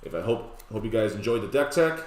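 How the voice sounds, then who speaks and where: A man's voice: on the low side, brisk. Laid-back man rattling off card lists. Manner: relaxed, jokey, rattles off lists. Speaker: deck tech presenter. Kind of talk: casual card-by-card walkthrough. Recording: roomy echoey room.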